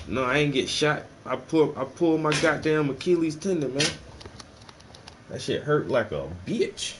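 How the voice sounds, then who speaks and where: A man telling a story in casual, profane slang while he paints, his delivery animated and loose. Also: mid-range voice, moderate pace, a little hiss or hum. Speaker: painting stream host.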